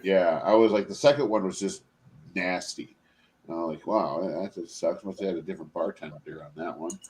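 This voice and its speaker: A man's voice: low-pitched, a little fast, darkish tone. Laughing man in casual chat, faint hiss. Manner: laughs a lot, swears freely. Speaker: stream host.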